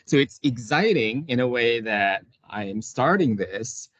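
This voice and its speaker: A man's voice: medium pitch, expressive, unhurried, fairly bright tone, dry recording. A man, an occupational therapist, talking casually as an interview guest, hesitant with many restarts and frequent laughs.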